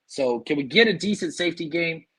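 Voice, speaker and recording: Man, podcast host, husky, worn-out voice, amped up, animated fan talk. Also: a little high, a little fast. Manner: hyped, animated, reads fan super chats. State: losing his voice from screaming. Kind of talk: excited sports podcast talk.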